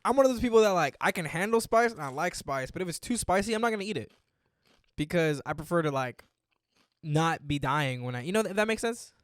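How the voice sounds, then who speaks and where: A man's voice: a little high, lively intonation, a little fast, no room sound, clean studio sound. A young man co-hosting a casual podcast, teasing his friend, swearing freely and leaning on filler words. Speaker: podcast co-host. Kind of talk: casual chat.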